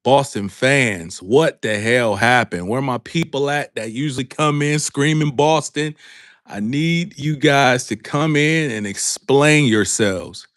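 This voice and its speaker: A man hosting a live sports talk stream, calling out to his viewers and repeating himself in a drawn-out way. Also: mid-range voice, fairly bright tone, no echo, clean studio sound. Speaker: sports talk show host. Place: home studio with a green background.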